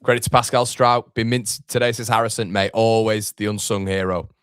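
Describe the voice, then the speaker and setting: A man's voice: on the low side, flat delivery, fairly quick, smooth, no echo, clean studio sound. A man hosting a live football watchalong, chatting casually, reading out viewer comments and reacting to the match. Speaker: fan channel host.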